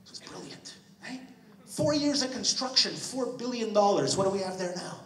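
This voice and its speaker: A man's voice: high voice, animated, normal speed. Brash swearing male stand-up comic. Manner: crude, rambling, swearing. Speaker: stand-up comedian. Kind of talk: stand-up set. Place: comedy club stage. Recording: echoey club from a distance.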